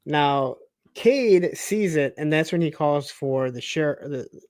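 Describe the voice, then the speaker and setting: A man from the Detroit suburbs co-hosting a casual TV recap, telling the story in an animated way and acting out the characters' lines. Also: fairly high pitch, takes it slowly, no room sound. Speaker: podcast co-host.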